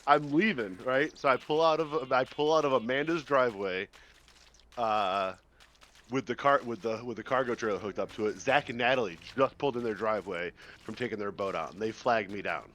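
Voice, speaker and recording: A man with an everyday mid-range voice tells a rambling personal story on a live stream. He talks in a relaxed, casual way. He laughs as he goes and acts out other people's lines. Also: medium pitch, a little fast. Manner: laid-back storyteller, laughs and acts out quotes. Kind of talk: casual chat, telling a story.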